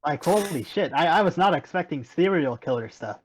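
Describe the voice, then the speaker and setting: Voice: medium pitch, expressive, slight background noise, low-quality recording. A player in a tabletop game who stammers and restarts often while chatting. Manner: stammering, halting. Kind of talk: casual tabletop game chat.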